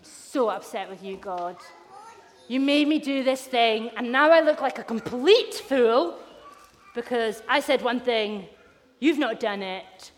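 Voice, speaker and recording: A woman's voice: a little high, unhurried, in a large hall, natural voice. A woman voicing a grumpy, stubborn male prophet who rants indignantly at the top of her voice. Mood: sulky. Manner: shouting, indignant ranting.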